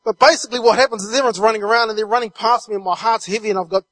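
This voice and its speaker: A man shares his testimony as a guest speaker. His voice sits high, and the sound is dry and close. He tells the story vividly, linking his phrases with a stream of repeated "and"s. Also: steady tone, rapid-fire, fairly bright tone, no echo. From New Zealand.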